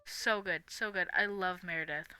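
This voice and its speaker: A woman's voice: fairly low pitch, normal speed, bright, forceful tone, clean tone, dry recording, soft background music. A young woman live-streaming, chatting casually in a rambling, giggly way with lots of fillers. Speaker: livestream host.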